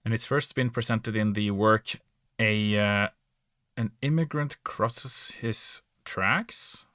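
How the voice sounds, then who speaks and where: Slow and low, yet fairly bright in tone, a native Norwegian speaker chats in accented English as a podcast guest or player. He falters, corrects himself and laughs often, captured in echo-free studio-quality sound.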